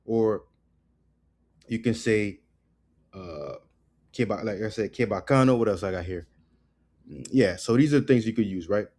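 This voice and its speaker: A man giving a casual spoken language lesson, loose and repetitive, tagging "right?" onto his points and drilling words slowly. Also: on the low side, darkish tone. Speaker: language teacher.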